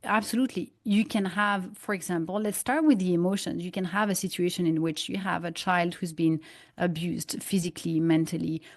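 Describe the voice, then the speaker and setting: Animated woman telling stories, dry sound. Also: on the low side, brisk, no echo. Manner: animated storyteller, acts out dialogue with analogies. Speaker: guest, holistic migraine practitioner. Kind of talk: conversational interview, storytelling.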